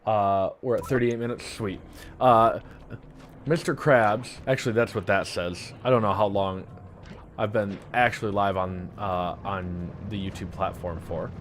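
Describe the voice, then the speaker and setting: A man's voice: on the low side, fairly even intonation, a little slow, slight background noise. A young adult man with a lisp chatting casually while streaming a game, rambling and joking with lots of filler words. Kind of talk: casual live-stream commentary.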